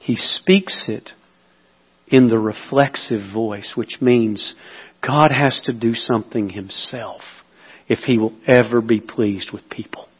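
A man preaching a sermon as pastor, swinging between loud emphatic passages and hushed whispers. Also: medium pitch, slow, breathy edge, dull audio. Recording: reverberant hall.

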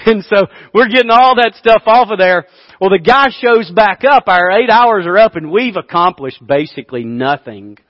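A man in his fifties preaching a sermon, telling a story and swinging from quiet asides to loud bursts. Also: high voice, lively intonation, normal speed, in a large hall, lo-fi sound. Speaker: pastor.

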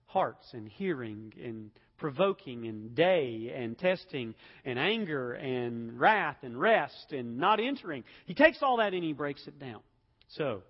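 A man preaching a sermon as pastor, emphatic, swelling to loud peaks and dropping low again. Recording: dull sound with long hall reverb.

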